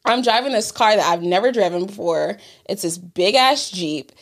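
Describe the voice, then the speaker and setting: A woman's voice: mid-range voice, expressive, normal speed. A woman telling a story in casual podcast chat, profane and exasperated, laughing often. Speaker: podcast co-host.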